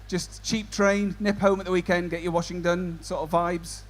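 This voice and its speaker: A man's voice: high-pitched, little pitch movement, moderate pace. A man compering a stand-up comedy show, doing cheeky banter with the audience. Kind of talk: crowd work stand-up.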